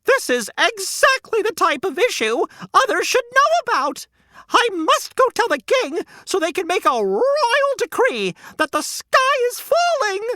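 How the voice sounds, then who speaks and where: Storybook hen, shrill and frantic, man performing. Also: huge pitch swings, a little slow, bright, forceful tone, no room sound, clean studio sound, exaggerated voice. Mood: panicked. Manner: frantic, shrieking alarm. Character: shrill panicky hen, female.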